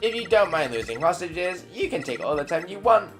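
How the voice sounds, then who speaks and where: A man's voice: high-pitched, big pitch swings, a little fast, music in the background, voice pushed up. A man voicing a taunting villain who speaks through a robot, read from a video game. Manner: mocking, commanding.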